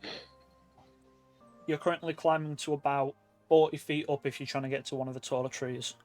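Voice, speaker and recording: A man running a tabletop role-playing game, narrating scenes in a relaxed way with frequent fillers. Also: mid-range voice, brisk, faint music behind. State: hiccuping. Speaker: game master.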